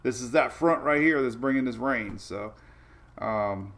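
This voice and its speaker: A man hosts a casual weather livestream, rambling over maps with lots of fillers and restarts while greeting viewers by name. His mid-range voice is a bit bright and his pace a little slow.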